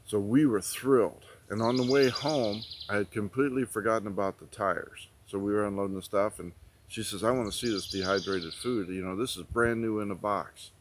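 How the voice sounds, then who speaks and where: Middle-aged man, low voice, folksy rambling storyteller, faint outdoor noise with birds. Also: steady tone, brisk. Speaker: prepping channel host. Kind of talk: casual storytelling.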